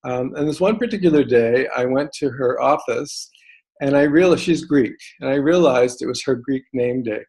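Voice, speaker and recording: Male realtor at a medium pitch, presenting in a halting way with frequent fillers. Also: a little mellow. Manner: hesitant, frequent ums and restarts. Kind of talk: presentation talk.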